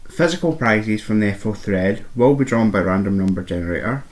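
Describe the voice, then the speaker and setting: A man's voice: fairly low pitch, expressive, brisk. Man, podcast co-host, playful and teasing, casual chat.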